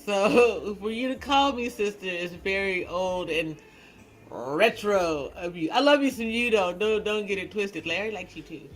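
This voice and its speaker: A woman hosting a casual livestream. She chats in an animated, teasing way, laughs often, and restarts her sentences a lot. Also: medium pitch, unhurried, low-quality recording. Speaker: livestream host.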